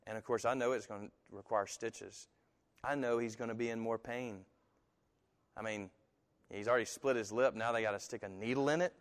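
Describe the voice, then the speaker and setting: A man preaching a sermon who tells stories in an animated way and slips into other people's voices when he quotes them. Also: mid-range voice, a little fast, in a large hall. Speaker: pastor.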